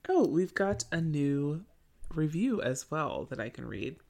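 A woman's voice: low-pitched, big pitch swings, measured pace, vocal fry, darkish tone. A young woman co-hosting a podcast, chatting casually in a rambling way with frequent hesitations and giggles. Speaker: podcast co-host. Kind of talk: casual chat.

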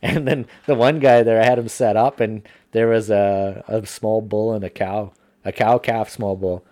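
A man telling hunting stories in casual podcast chat, profane and animated. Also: on the low side, moderate pace.

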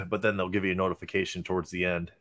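Laid-back man with a very low voice. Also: quick pace, a bit bright. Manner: laid-back, many fillers. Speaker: podcast co-host. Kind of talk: casual chat.

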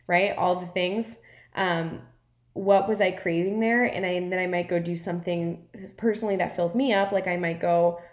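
This wellness coach's podcast voice is fairly low with a darkish tone. Her reflective talk is casual, sincere and encouraging, packed with "like"s and tag questions such as "right?", and it's captured in an echoey room.

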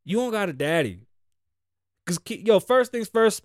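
Man, podcast host, profane rant, fairly high voice, dry close sound. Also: big pitch swings, normal speed, no echo. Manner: blunt, heavy cursing, swings between loud outbursts and low mutters.

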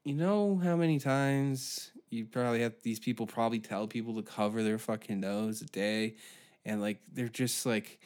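A man's voice: lowish voice, a little mellow. A man hosting a podcast, ranting through a sarcastic, profane comedic monologue. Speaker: podcast host.

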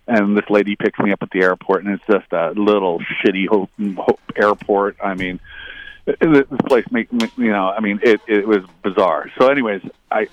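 A middle-aged man, a former hockey player, telling long casual anecdotes, rambling and quoting others. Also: highs cut off. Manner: rambling anecdotal, quotes others in higher voices. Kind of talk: casual storytelling.

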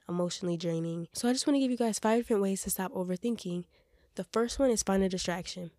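A woman's voice: fairly low pitch, no room sound, clean studio sound. Chatty congested young woman podcaster. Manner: chatty, opinionated, animated. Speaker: podcast host. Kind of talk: casual chat.

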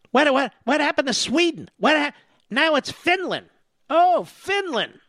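A man on talk radio with a high, very lively voice that swoops up and down as he mocks and jabs. His delivery is sarcastic and combative, an opinionated monologue. The sound is dry and close, with no room around it. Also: no room sound. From US East Coast.

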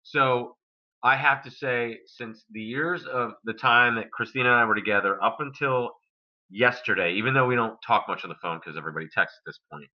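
A man's voice: medium pitch, brisk. A man from New Jersey co-hosting a casual podcast chat, telling wry stories and swearing casually. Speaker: podcast co-host. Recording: slightly dull lo-fi recording.

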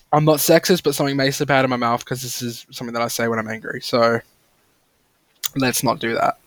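A man's voice: high voice, fairly bright tone, no room sound, studio quality. A young man, ranting angrily and swearing constantly as the host of a solo podcast. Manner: angry, profane, swearing constantly.

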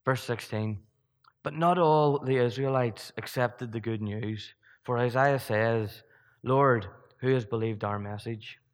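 A man's voice: mid-range voice, slow, in a large hall. A man preaching a sermon in a church, talking conversationally, asking many rhetorical questions and restarting his sentences.

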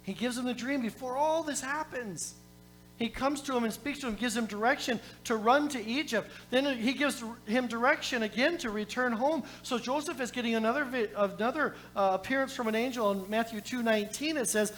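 Animated preacher man telling a story. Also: extremely high pitch, fairly quick, a little hiss or hum. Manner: animated storytelling, swinging from loud calls to quiet reading; joking asides to the congregation. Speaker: pastor. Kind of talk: sermon.

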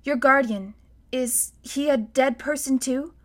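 Lady reading a story doing a nosy young girl, high voice, pokes with lots of questions. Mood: curious. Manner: quick, probing questions. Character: young girl, curious and blunt.

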